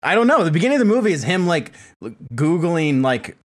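A man's voice: on the high side, sing-song, fast. A man co-hosting a casual podcast about a film, talking animatedly, laughing and swearing casually. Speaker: podcast co-host. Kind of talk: casual film-review chat.

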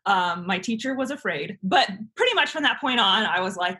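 A woman in her thirties from California, a guest author telling stories in a sarcastic, animated way with many restarts. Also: fairly low pitch, moderate pace. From United States (California). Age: 30s. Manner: sarcastic, animated storytelling with frequent laughs and restarts. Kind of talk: casual interview chat.

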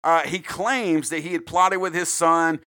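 A man from South Carolina hosting a casual true-crime podcast, profane and rambling with quick jokes. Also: fairly high pitch, steady tone, pushed and bright. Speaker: podcast host.

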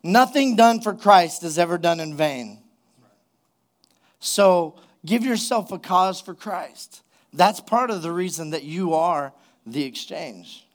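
A man's voice: high-pitched, lively intonation, slow pace. A man preaching a sermon as pastor, retelling a story casually before building to emphatic exhortation.

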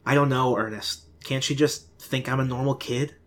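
A man's voice: medium pitch, fairly even intonation, normal speed, lightly acted. A man voicing a dry, sarcastic teenage girl who can see ghosts.

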